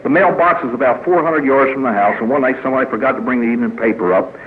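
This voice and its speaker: Through phone-quality sound, a man with a mid-range voice talks very fast. He is a priest at a recovery meeting, giving a humorous speaker talk in a meeting hall before a live audience, full of folksy stories, jokes and acted quotes.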